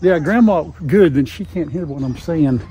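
A man's voice: on the high side, animated, normal speed, dark tone, slight background noise. An older man hosting a casual farm vlog in a folksy, chatty way, recorded on a lapel mic. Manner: folksy and chatty, talks sweetly to dogs. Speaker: farm vlogger.

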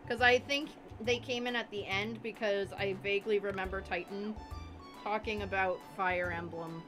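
A woman's voice: mid-range voice, steady tone, moderate pace, music in the background. A woman co-hosting a gaming stream, chatting casually in a blunt, profane, joking way. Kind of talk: casual let's-play chat.

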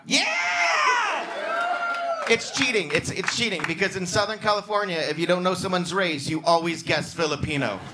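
A male stand-up comedian doing crowd work on a club stage, bantering with the audience and breaking into loud, excited outbursts. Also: high-pitched, fairly quick, hardly any pauses, heavy background noise. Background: audience laughter and club ambience.

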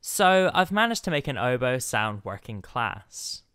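A man giving a measured, wry, scripted explanatory narration. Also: mid-range voice, big pitch swings, clean tone, no room sound, studio quality. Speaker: composer narrating a video essay. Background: loud oboe music.

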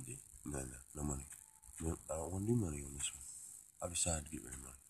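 A man with an extremely low, gravelly voice rambles through a profane, intense monologue. He swings from loud outbursts to near-whispers. A faint hiss of noise sits under the recording. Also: animated, fairly quick, long pauses. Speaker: vlogger.

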